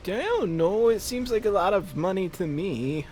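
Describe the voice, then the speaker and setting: A man's voice: sits high, expressive, moderate pace, a little mellow, slight background noise. A young man chatting casually with viewers while playing a game on stream, laughing often. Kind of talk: casual gameplay commentary.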